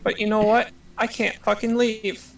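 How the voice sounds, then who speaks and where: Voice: medium pitch, little pitch movement, moderate pace, creaky, slight background noise, natural voice. A tabletop player voicing a blunt, foul-mouthed adventurer who carries a gun, heard from a distant mic. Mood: exasperated. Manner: blunt and profane.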